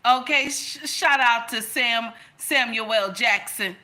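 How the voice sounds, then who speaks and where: A woman's voice: a little high, slow, bright, forceful tone. A woman hosting a reaction video, giving casual commentary in an emphatic, preachy way that repeats phrases for effect.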